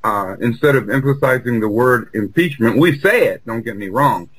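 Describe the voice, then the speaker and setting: A man co-hosting a political talk show, speaking earnestly with frequent halting restarts. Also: mid-range voice, animated, a bit bright, breathy edge, poor audio. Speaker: co-host.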